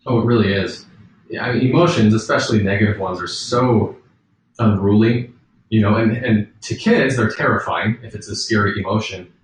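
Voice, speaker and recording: A man's voice: fairly low pitch, normal speed. A man answering as a podcast guest, earnest and storytelling, laughing easily. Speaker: guest author. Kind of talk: conversational interview answers. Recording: roomy, distant mic with faint background noise.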